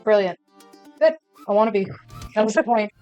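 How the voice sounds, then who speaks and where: A woman's voice: medium pitch, animated, brisk, lo-fi sound, soft background music. A woman player at a tabletop role-play game, moving between narration and speaking in character. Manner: shifts between narrating her character and pleading in a tearful put-on voice.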